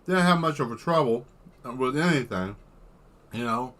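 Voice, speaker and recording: A man's voice: mid-range voice, expressive, moderate pace, long pauses, a bit bright. A man chatting casually on a livestream while drawing, rambling into exaggerated comic rants and swearing freely. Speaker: artist streaming while drawing.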